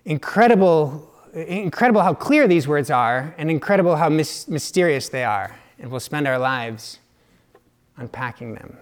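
A man preaching a sermon in a slow, reflective way, dropping now and then to hushed asides. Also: fairly high pitch, expressive.

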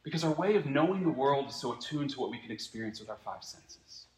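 A man preaching a sermon as pastor, earnest and reflective, swinging from emphatic peaks to quiet asides. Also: medium pitch, animated, fast, a little hiss or hum. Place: church.

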